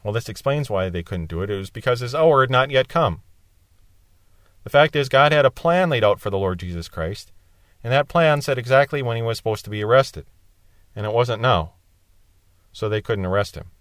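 A man at a middle pitch, giving a verse-by-verse Bible lesson. He explains each passage in plain terms and lifts his voice to stress the quoted words. The sound is dry and close, with no room echo. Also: lively intonation, moderate pace. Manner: explanatory, rising in emphasis on quoted cries. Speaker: Bible teacher.

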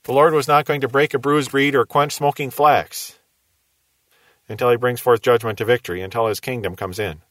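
Measured male Bible teacher, dry sound. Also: mid-range voice, fairly even intonation, fairly bright tone, no room sound. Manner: measured, explaining, asks rhetorical questions.

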